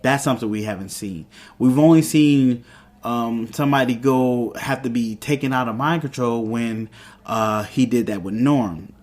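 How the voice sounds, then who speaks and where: A man's voice: mid-range voice, normal speed, a little mellow. A man hosting a review show, casually recapping an episode and acting out the characters' lines with many fillers. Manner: chatty, retells scenes by playing the characters' lines, many fillers.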